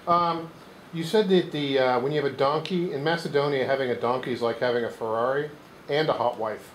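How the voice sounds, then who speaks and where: A man in a comedy workshop pitching deadpan one-liners in a halting way, in an echoey, noisy room. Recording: echoey room with background noise.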